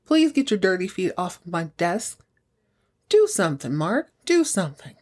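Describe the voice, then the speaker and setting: A woman's voice: lowish voice, sing-song, normal speed, darkish tone. A woman hosting a podcast, casually recapping a soap opera episode and acting out characters' lines in playful voices. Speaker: podcast host.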